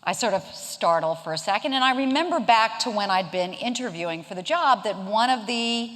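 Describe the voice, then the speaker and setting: A woman's voice: medium pitch, lively intonation, brisk, a bit bright. A woman in her fifties from South Carolina gives a humorous, conversational keynote talk, telling a story from her own career. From Charleston, South Carolina. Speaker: keynote speaker. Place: event hall. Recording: long reverb of a lecture hall.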